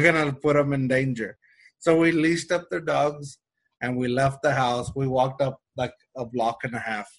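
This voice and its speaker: A man telling a story in casual chat, animated and acting out the people he quotes. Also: mid-range voice. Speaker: storyteller in a conversation.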